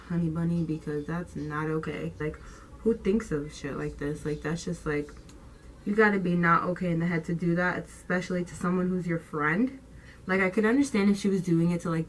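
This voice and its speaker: A young woman tells a story to her camera in loose, slangy talk, swearing now and then. Her voice sits on the low side but leaps up when she plays out what people said. A faint hiss runs underneath. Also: poor audio. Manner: animated, slangy, swears freely, acts out quotes. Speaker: vlogger. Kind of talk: casual storytime vlog.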